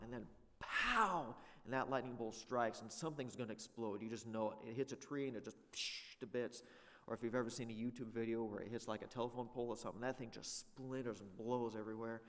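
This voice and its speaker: A man's voice: fairly low pitch, in a large hall. Man teaching a church Bible class. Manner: conversational, rhetorical questions. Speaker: Sunday school teacher.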